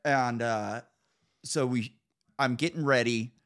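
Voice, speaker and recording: A man's voice: medium pitch, takes it slowly, a bit bright. A man hosting a podcast in casual chat, telling loose, profane stories. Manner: loose, profane storytelling with laughs. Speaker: podcast host.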